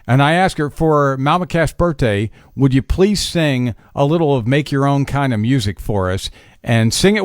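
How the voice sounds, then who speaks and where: A man's voice: mid-range voice, dry recording, clean studio sound. Chatty upbeat male radio DJ. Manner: chatty, upbeat, easily amused. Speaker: radio host. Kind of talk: oldies radio DJ chat. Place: radio studio.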